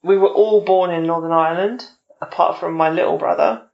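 A woman's voice: lowish voice, steady tone, a little fast, vocal fry, lo-fi sound. A woman hosting a casual podcast interview, joking and teasing her guest and swearing casually. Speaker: podcast host.

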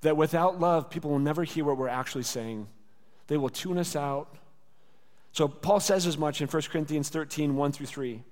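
Man, pastor, sermon, earnest conversational preaching, slightly high voice, echoing church hall. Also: moderate pace, darkish tone. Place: church sanctuary. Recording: long hall reverb.

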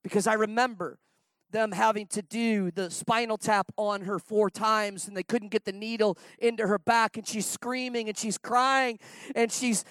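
Very high-voiced, emphatic man preaching. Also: level tone, moderate pace, smooth, no room sound, low-quality recording. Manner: emphatic storytelling, swinging from loud outbursts to hushed tones. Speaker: traveling preacher. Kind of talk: sermon. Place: stage.

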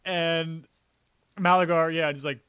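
A man's voice: a little high, normal speed, a bit bright, dry recording. A young man from New York co-hosting a podcast, talking in a rambling casual way with lots of "like" and restarts. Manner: rambling, many restarts and "like" fillers. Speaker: podcast co-host. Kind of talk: casual chat.

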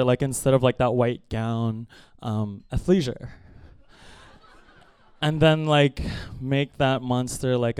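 A male comedian on stage, rambling in a self-deprecating way and peppering his lines with "like". His voice is very crisp and clear, with a dry, close sound. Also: medium pitch, darkish tone, dry recording. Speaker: comedian and musician. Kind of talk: stand-up comedy set.

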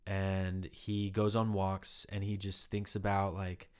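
Male actor, lowish voice, candid, rambling, lots of "like", interview storytelling. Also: completely flat delivery, takes it slowly, clear, resonant tone. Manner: candid, rambling with many "like" fillers.

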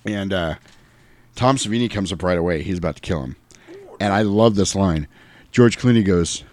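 A man's voice: fairly low pitch, fairly quick, a little mellow, no room sound, clean studio sound. A man co-hosting a casual chat, animatedly recapping a movie and acting out its lines with laughter. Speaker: podcast co-host.

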